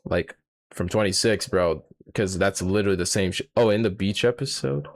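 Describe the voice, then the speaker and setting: A man's voice: low-pitched, normal speed, gravelly. A young man streaming a live reaction, talking casually to his chat, swearing and sounding exasperated. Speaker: streamer reacting to a manga chapter.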